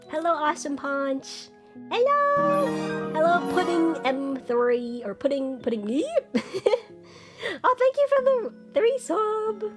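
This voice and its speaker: A bubbly young woman in her twenties chats on a live stream, her voice sitting a little high and leaping into squeaky greetings for viewers. Soft music plays faintly behind her. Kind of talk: casual chat stream.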